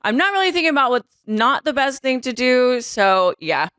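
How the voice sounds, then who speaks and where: A woman hosting a podcast, chatting casually and backing up her guest. Her voice is smooth and clean, and it was recorded dry and close with no room sound. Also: high-pitched, sing-song, moderate pace, a bit bright, dry recording. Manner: chatty, supportive, laughs easily. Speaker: podcast host. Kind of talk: casual chat.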